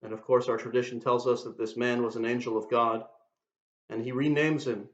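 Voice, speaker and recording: A man giving a sermon, explaining Hebrew words and verses in a measured, teaching manner. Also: mid-range voice, level tone. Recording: dull, roomy recording.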